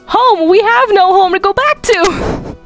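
A woman voicing a bossy, loud female ink cartoon angel in a Minecraft role-play, shrill and exasperated. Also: slow, soft background music, exaggerated voice. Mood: indignant.

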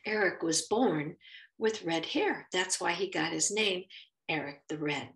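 Expressive middle-aged woman telling a faith story. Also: on the low side, a little slow, gravelly, distant mic. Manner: expressive, acts out quoted speech. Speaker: Bible teacher. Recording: roomy echo, faint music.

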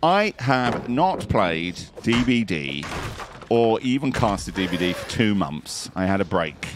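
A man doing excitable, jokey play-by-play commentary on a competitive video game. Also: on the low side, measured pace, noisy background. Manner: excitable, jokey, quoting movie lines. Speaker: esports caster.

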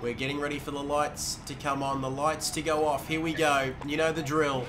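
A man doing energetic, chatty play-by-play commentary for a sim racing league stream, talking into a headset. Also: a little high, fairly quick, noisy background. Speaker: race commentator.

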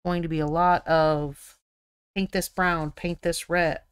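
A chatty American woman hosting a painting stream, her voice smooth and clean and pitched a little low. She thinks aloud and laughs easily as she talks through her work. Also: little pitch movement, takes it slowly. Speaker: miniature painting stream host. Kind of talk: casual live-stream chat.

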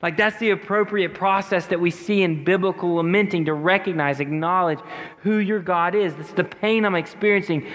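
A man's voice: sits high, fairly bright tone. A man preaching a sermon as pastor, earnest and conversational, slipping in casual slang. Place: church sanctuary. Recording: church sanctuary with long reverb.

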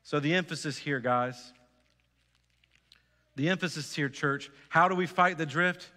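A male pastor delivers a sermon with a bright, forceful voice pitched a little high. He is earnest, repeating phrases and asking his congregation direct questions. The sound rings with the long reverb of a church hall. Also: unhurried. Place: church sanctuary.

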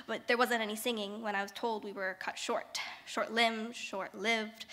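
A teenage girl performs a wry spoken word poem on a theater stage. Her voice is bright and a little high. She keeps a measured pace and sometimes drops into a hushed whisper. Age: teens. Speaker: slam poet.

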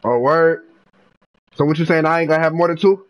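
A young man from North Carolina, giving live gameplay commentary full of profane trash talk and bursts of yelling. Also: fairly high pitch, fairly even intonation, brisk, low-quality recording. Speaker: gamer streamer.

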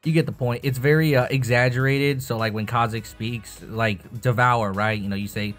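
A man's voice: mid-range voice, fairly even intonation, normal speed, faint music behind. A young man talking casually about voice acting with a voice changer, rambling and swearing. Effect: voice changer tests. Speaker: YouTuber. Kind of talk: casual tutorial chat.

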